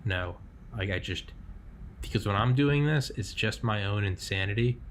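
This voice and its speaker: Podcast host guy, kinda low voice, rambly, lots of likes and swearing. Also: moderate pace, a little hiss or hum. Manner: rambling, heavy on fillers and swearing. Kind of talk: casual chat.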